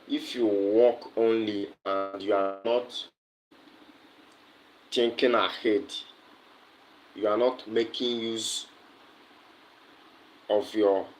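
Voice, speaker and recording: A man's voice: lowish voice, slight background noise, rough recording. A man with a Nigerian accent chatting on a livestream, answering viewers' comments with lots of fillers and repeated words. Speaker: livestream host. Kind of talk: casual livestream chat.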